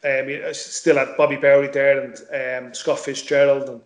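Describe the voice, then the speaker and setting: A man's voice: medium pitch, level tone, normal speed, echoey room. A middle-aged man, a former footballer chatting as a guest, repeating words and swearing casually. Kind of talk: casual interview chat.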